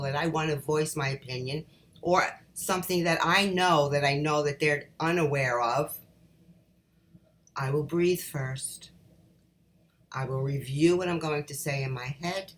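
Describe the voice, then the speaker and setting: A middle-aged woman coach giving calm, encouraging advice straight to her viewers, whom she calls ladies. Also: low-pitched. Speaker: life coach. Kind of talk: motivational talk to camera.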